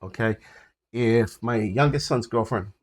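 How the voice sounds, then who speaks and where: An older man with a husky voice casually rambling about his health on a phone recording, full of fillers and restarts. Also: medium pitch, a little slow. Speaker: vlogger sharing his health journey. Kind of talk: casual personal update to camera.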